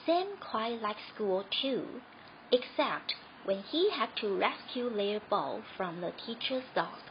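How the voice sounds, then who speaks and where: Slow gentle woman reading a story. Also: mid-range voice, animated, dull audio, a little hiss or hum. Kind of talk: reading a children's story aloud.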